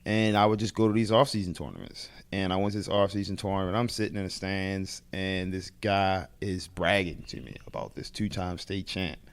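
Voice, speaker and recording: A man in his thirties from Baltimore, a head wrestling coach telling lively stories in an interview and acting out the voices he quotes. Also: deep voice, fairly quick, hardly any pauses, clear, resonant tone. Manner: animated storyteller, acts out quoted voices. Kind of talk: storytelling in a podcast interview.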